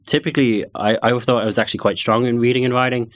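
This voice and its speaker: A middle-aged man with a London accent tinged with Connemara, thoughtfully recounting his own experience with many pauses and restarts. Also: medium pitch, steady tone, dry recording. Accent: London with touches of Connemara. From born in London, family from Galway. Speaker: guest sharing personal experience. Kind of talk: reflective personal account.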